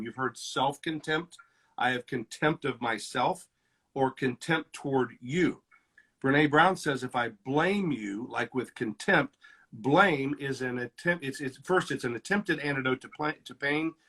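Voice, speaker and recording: Middle-aged guy counselor, kinda husky voice, acts out what people say when they fight. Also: mid-range voice, a little slow. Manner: animated, acts out quoted lines with shifts in loudness. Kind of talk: teaching conversation.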